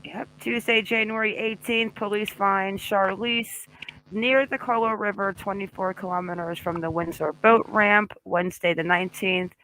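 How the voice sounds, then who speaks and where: A woman's voice: mid-range voice, fairly even intonation, normal speed, bright, forceful tone, slight background noise, rough recording. A woman hosting a casual live true-crime discussion, chatting and greeting viewers by name. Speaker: livestream host.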